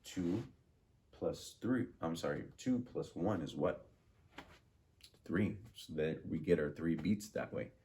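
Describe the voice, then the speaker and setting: Slow, deep-voiced male music teacher. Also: lively intonation, dark tone. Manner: slow, patient, repeats and drills words. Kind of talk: classroom music lesson.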